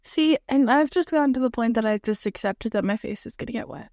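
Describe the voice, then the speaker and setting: A woman's voice: on the high side, brisk, darkish tone, dry recording, clean studio sound. A young woman co-hosting a casual podcast, easygoing, asking her co-host questions and sharing her own stories. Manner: easygoing, asks interviewer-style questions. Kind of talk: casual chat.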